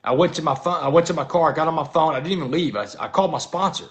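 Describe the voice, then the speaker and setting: A man's voice: fairly high pitch, very fast. A man, a guest in an interview, telling a personal story earnestly and often dropping "man" into his talk. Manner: earnest, keeps saying "man".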